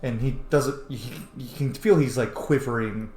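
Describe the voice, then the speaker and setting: A man's voice: mid-range voice, moderate pace, a little mellow, echoey room. A man narrating as game master of a tabletop game, telling the scene in a loose, filler-heavy way.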